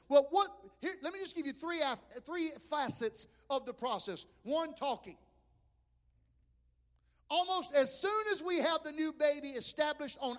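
A man's voice: very high voice, a bit bright, in a large hall. A man preaching a sermon in a folksy, impassioned way, mixing humor into his message.

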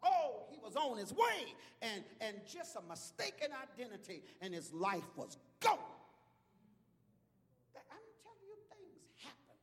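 A man preaching an impassioned sermon in a church, swinging from hushed tones to shouts. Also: very high-pitched, wildly swooping pitch, measured pace. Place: church sanctuary. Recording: long hall reverb.

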